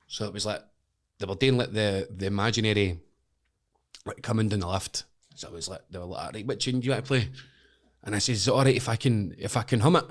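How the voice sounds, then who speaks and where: A young Scottish man, a wrestler and podcast guest, telling animated, swear-filled stories and acting out the voices of the people in them. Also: fairly low pitch, quick pace. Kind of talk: casual storytelling chat.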